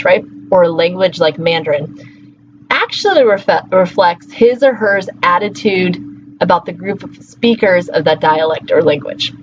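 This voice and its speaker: A woman's voice: fairly low pitch, highs cut off, background noise. A woman teaching a linguistics class in a conversational lecture style, often checking in with "okay" and "right.". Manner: conversational, frequent "okay" and "right" tag questions. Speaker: linguistics instructor. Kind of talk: recorded lecture.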